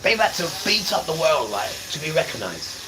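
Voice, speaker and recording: A man's voice: on the high side, sing-song, fairly quick, a crowd in the background, low-quality recording. A man with a British accent lecturing people in a heated, repetitive street-preaching style. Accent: British English. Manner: heated, lecturing, repeats himself. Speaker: live streamer preaching to passers-by.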